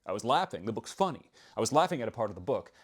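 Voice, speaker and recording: A young man hosting a casual book-review video, speaking in a wry, self-deprecating and expressive way. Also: lowish voice, racing, breathy edge.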